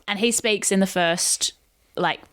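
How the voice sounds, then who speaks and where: A woman's voice: mid-range voice, measured pace, a bit bright, no room sound, clean studio sound. A woman actor and audiobook narrator chatting on a podcast, telling self-mocking stories and laughing often. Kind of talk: casual podcast chat.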